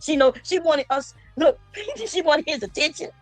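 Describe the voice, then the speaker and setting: A woman streamer giving loud, mocking commentary, laughing often and mimicking the people she talks about. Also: high-pitched, lively intonation, moderate pace, faint music behind. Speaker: streamer reacting to a panel. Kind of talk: casual livestream commentary.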